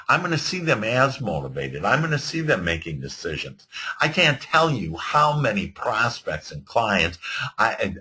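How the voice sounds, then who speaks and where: A man giving an earnest motivational talk to entrepreneurs, animated, with frequent fillers and restarts. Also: fairly low pitch, husky. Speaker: motivational speaker. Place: virtual webinar.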